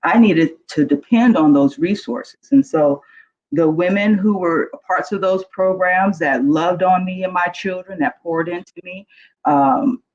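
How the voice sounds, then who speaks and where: A woman's voice: on the low side, measured pace, darkish tone, muffled recording. A middle-aged woman, emotional and earnest, frankly telling her life story as a guest panelist on a video call. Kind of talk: candid personal storytelling.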